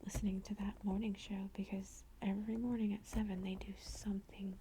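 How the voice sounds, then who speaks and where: A woman's voice: mid-range voice, flat delivery, fairly quick, dark tone, slight background noise. A woman whispering a chatty ASMR ramble close to the microphone, full of "like" and "blah blah" asides. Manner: chatty storytelling, lots of "like" and "blah blah". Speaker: ASMR creator.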